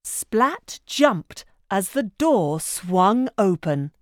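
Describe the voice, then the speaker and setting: Slow, expressive woman storyteller. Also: medium pitch, noisy background. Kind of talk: children's book read-aloud.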